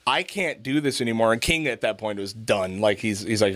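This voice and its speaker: A middle-aged man hosting a podcast, telling a story in casual chat with animated delivery, lots of swearing and laughter. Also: fairly low pitch, fairly quick. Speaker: podcast host.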